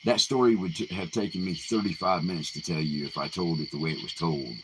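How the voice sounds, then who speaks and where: Deep-voiced man telling folk tales. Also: background noise. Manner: unhurried, folksy, many fillers and restarts. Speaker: live Q&A host. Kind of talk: casual oral storytelling.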